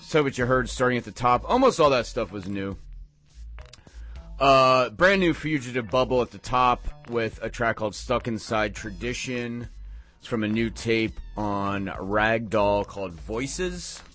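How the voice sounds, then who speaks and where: A man's voice: mid-range voice, a little slow, fairly bright tone, soft background music. A man filling in as a late-night radio DJ, chatting casually about punk records with rambling, enthusiastic tangents. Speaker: guest radio DJ.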